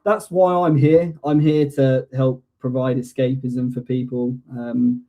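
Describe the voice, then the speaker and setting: A man's voice: mid-range voice, flat delivery, a little slow, lo-fi sound. A man hosting a casual fan live stream, chatting easily and reading out viewer comments. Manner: easygoing, reads out viewer comments. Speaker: host of a fan show.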